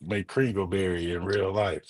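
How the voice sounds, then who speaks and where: A man co-hosting a sports podcast, talking in a loose, slangy, excitable way and laughing often. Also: deep voice, normal speed, dry recording. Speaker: podcast co-host. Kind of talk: casual sports chat.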